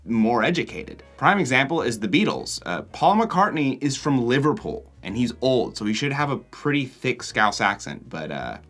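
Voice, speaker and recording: A man's voice: mid-range voice, sing-song, normal speed, few pauses, fairly bright tone, faint music behind. An American man narrating his travel vlog in a casual, curious, blunt way. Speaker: vlogger.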